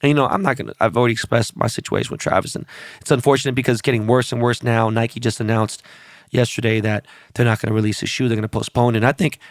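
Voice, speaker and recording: A blunt male podcast host who fires off teasing questions and curses freely. He speaks at a fast clip with a mid-range voice, recorded dry and close. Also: medium pitch, steady tone, no echo. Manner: blunt, profane, teasing, quick-fire questions. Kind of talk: casual chat.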